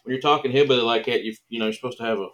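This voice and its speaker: A man's voice: mid-range voice, very fast, fairly bright tone. A man from Kentucky with a Southern Kentucky accent, a podcast guest chatting in an easygoing, joking way. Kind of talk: casual podcast chat.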